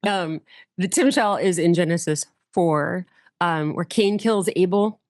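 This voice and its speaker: A middle-aged woman pastor speaks on a close podcast mic with no room sound. Her voice sits a little low. She tells stories with energy and acts out the people in them. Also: a little slow, dry recording. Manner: lively storyteller, acts out quoted voices. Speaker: guest pastor. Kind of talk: casual storytelling interview.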